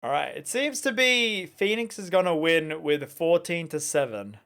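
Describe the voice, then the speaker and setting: A man's voice: on the high side, expressive, moderate pace, a bit bright. A man streaming a game, chatting loosely with his viewers and using lots of filler words. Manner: chatty, rambling, addresses chat often, fillers like "like". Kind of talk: casual let's-play commentary.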